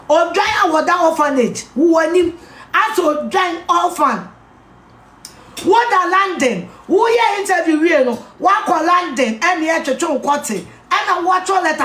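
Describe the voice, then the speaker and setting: A Ghanaian woman with a Twi-speaking accent, ranting angrily at a political figure, shouting insults and repeating herself. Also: very high voice, roomy sound. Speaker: political commentator. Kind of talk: angry rant.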